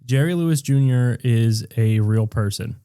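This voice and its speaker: A man's voice: medium pitch, moderate pace, warm tone, clear, resonant tone, no echo, studio quality. A man co-hosting a podcast, telling crude stories in casual chat and quoting people as he goes. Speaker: podcast co-host.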